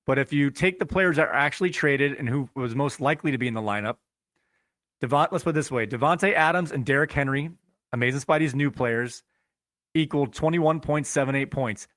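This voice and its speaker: A man's voice: medium pitch, fairly quick, fairly bright tone, no echo, clean studio sound. A man hosting a fantasy football podcast, talking to listeners in an upbeat, casual way and calling them guys. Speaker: podcast host.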